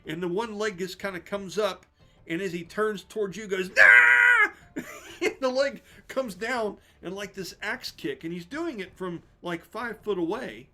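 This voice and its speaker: A man running a tabletop game as game master, narrating the action in a lively, descriptive way and laughing often. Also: high voice, moderate pace.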